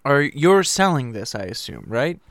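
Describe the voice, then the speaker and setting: A man's voice: mid-range voice, big pitch swings, normal speed, vocal fry, fairly bright tone, dry recording. A man co-hosting a podcast in casual chat, easygoing and wry with his friend. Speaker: podcast co-host.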